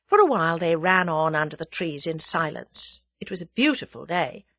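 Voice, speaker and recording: A woman's voice: low-pitched, sing-song, moderate pace, a bit bright, no echo. A woman reading a novel aloud as an audiobook narrator, telling the story expressively. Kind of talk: scripted narration.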